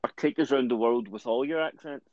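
A man's voice: mid-range voice, brisk, darkish tone, dry recording. A man with a Dundee Scottish accent co-hosting a podcast, easygoing and jokey, swearing now and then. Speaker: podcast co-host. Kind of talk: casual chat. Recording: dull lo-fi sound.

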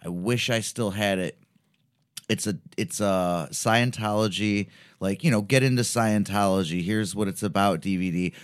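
A man's voice: fairly low pitch, moderate pace, clean tone. A man co-hosting a podcast in a recording studio, chatting casually and acting out the voices he quotes. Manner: animated, acts out quoted voices. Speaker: podcast co-host. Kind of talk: casual chat.

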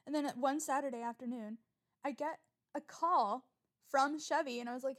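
A young woman rambles through a solo podcast episode with a fairly high voice. She swears casually and gets easily riled up, her delivery animated and chatty. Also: a little fast. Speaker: podcast host.

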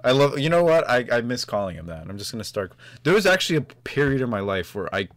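A man's voice: medium pitch, very animated, fast talker, fairly bright tone, dry recording. A man co-hosting a podcast, rambling and joking in casual chat with plenty of swearing. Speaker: podcast co-host.

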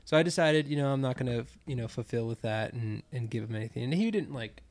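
A man's voice: mid-range voice, lively intonation, quick pace, a little mellow. Casual young man telling a story. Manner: storytelling with many fillers and restarts. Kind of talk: casual chat.

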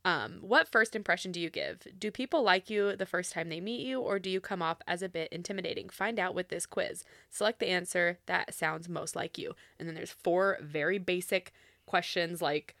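A woman's voice: lowish voice, moderate pace, a bit bright, dry recording, studio quality. A young woman hosting a casual chat, talking loosely with lots of fillers and laughing often. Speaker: podcast co-host.

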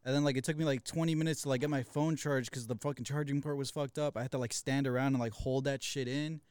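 A man's voice: mid-range voice, fairly even intonation, fast, a little mellow, smooth, dry recording. A young man co-hosting a casual podcast, recounting events loosely, acting out quotes and swearing often. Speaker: co-host. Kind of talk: casual storytelling conversation.

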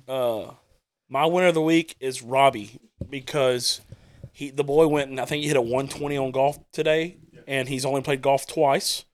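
Man, casual podcast host, rowdy, profane, mid-pitched. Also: fairly even intonation, moderate pace. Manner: loud, swearing, laughing a lot.

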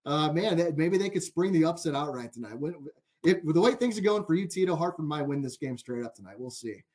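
A man's voice: fairly high pitch, animated, quick pace, darkish tone. A man hosting a sports betting podcast, chatty and amused, telling stories and filling gaps with "like". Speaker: podcast host. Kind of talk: casual sports betting chat.

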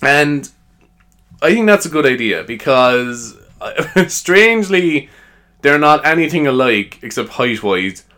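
Speaking slowly in a highish, sing-song voice with a sharp tone, this male podcaster rambles casually on his own. He amuses himself constantly, with plenty of fillers and laughter.

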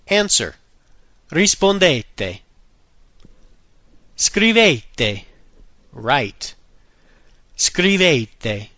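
A man teaching a recorded language lesson, saying phrases slowly and clearly and repeating them for drills, with the occasional dry aside. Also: medium pitch, very animated, pushed and bright, no room sound, highs cut off.

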